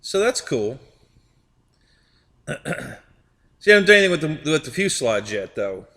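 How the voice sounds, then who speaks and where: A man's voice: fairly high pitch, sing-song, moderate pace, fairly bright tone, long reverb tail. A man hosting a live stream, chatting casually with viewers, rambling and repeating his words and laughing often.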